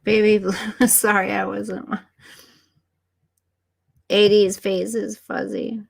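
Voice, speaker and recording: A woman talking casually on a livestream at an unhurried pace, answering viewers by name. Her voice sits at an ordinary middle pitch, and she sometimes drops to a whisper for an aside. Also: little pitch movement, vocal fry, breathy edge. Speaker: livestream host. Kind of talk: casual livestream chat, reading viewer comments.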